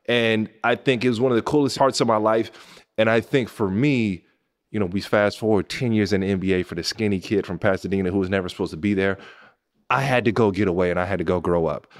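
A man in his thirties from Southern California, telling a personal story as a podcast host, animated and emphatic, rising high when excited and dropping soft when moved. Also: quick pace. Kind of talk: storytelling monologue.

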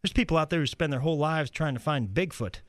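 Understated stand-up comedian from St. Louis. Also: male voice, on the high side, no room sound. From St. Louis, USA. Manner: halting, understated delivery. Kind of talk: stand-up storytelling on a radio show.

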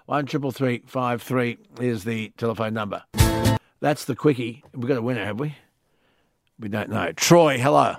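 A man's voice: mid-range voice, moderate pace, creaky, faint music behind. A man with an Australian accent hosting late-night talkback radio, laid-back and chatty. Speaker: radio host. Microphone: studio microphone.

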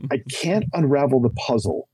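Animated husky middle-aged man. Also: mid-range voice, dry recording, poor audio. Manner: emphatic and preachy, acts out quick voices; self-deprecating humor. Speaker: podcast guest. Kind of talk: animated conversational testimony.

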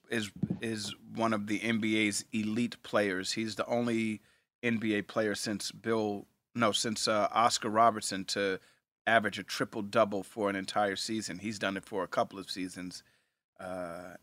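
A man's voice: on the low side, little pitch movement, a bit bright, no room sound. A man co-hosting a podcast, joking and riffing in casual chat. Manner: talkative, joking, quick to riff. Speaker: podcast co-host.

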